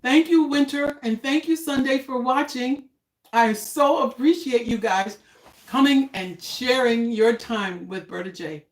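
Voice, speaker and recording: A woman's voice: a little high, measured pace. Chatty older woman in an echoey kitchen. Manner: chatty, homey, talks while eating. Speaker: vlogger cooking on a live stream. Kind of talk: casual live-stream chat. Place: home kitchen.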